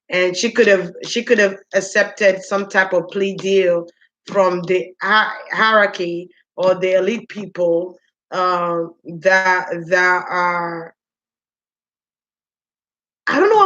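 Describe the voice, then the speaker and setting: A woman's voice: mid-range voice, a bit bright, poor audio. A woman giving a casual spoken spiritual reading. She muses aloud, drawing out her words and talking straight to the spirits. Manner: musing, drawn-out, talks to the spirits directly. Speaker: spiritual reader.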